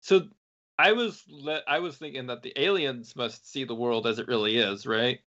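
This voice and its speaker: A man's voice: medium pitch, normal speed, bright, forceful tone. Amused man, muffled mic. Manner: amused, laughing asides. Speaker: podcast co-host. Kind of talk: casual podcast chat. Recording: slightly muffled sound.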